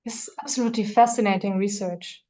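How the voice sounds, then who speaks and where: A woman's voice: mid-range voice, fairly even intonation, brisk, dark tone. A woman hosting an interview, asking thoughtful, tentative questions in a conversational way. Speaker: interviewer host.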